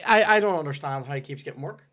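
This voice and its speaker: A man's voice: a little high, animated, fast, a bit bright. A Northern Irish man hosting a podcast, chatting casually and swearing in jokey banter. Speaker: podcast host. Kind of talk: casual chat.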